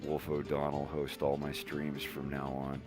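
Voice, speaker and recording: A male streamer chatting casually on a live stream, who laughs often and bursts into loud, excited mimicry. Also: extremely low pitch, a little slow, over music.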